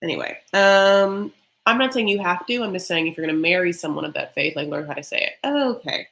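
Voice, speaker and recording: A young woman hosting a reality-TV recap vlog, ranting bluntly and profanely, with quick mocking impressions of the people she describes. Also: on the low side, expressive, a bit bright. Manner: mocking, with quick acted-out quotes. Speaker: recap vlogger.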